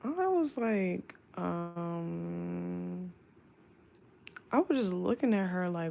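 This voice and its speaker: A young woman flight attendant telling a work story as a casual storytime, chatty and animated, full of "like". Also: fairly low pitch, extremely slow, gravelly, pauses often, slight background noise.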